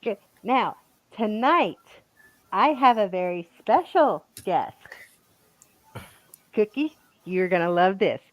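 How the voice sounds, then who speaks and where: Slow, lively-voiced woman hosting a stream. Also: mid-range voice, no room sound, muffled recording. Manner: chatty, laughs often. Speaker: show host. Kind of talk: casual live-stream hosting.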